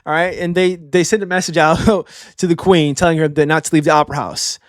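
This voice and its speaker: A man giving a casual, excitable manga review in slangy talk, constantly checking in with "all right?". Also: on the high side, fairly quick, dry recording, clean studio sound. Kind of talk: casual reaction commentary.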